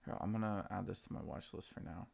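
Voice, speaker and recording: A tired man streaming his stock trades, talking in a quiet, subdued morning voice and reading out viewers' names in a laid-back way. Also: deep voice, fast, vocal fry, slightly rough. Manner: laid-back, reads chat names aloud. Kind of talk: casual live-stream chat.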